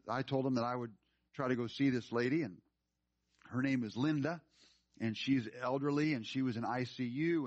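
A man's voice: medium pitch, dry recording. A male pastor preaching a sermon, telling a story and then pressing his point with earnest urgency. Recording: dry, slightly dull sound.

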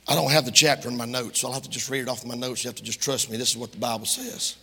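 A male Baptist preacher, giving a folksy, joking sermon that bursts into shouting, with a husky voice and a long church hall reverb. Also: mid-range voice, fairly even intonation, racing. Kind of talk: lively sermon.

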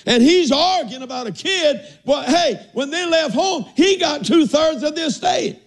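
A man's voice: very high-pitched, expressive, normal speed. An older man preaching a folksy sermon, often asking "are y'all listening" and saying amen.

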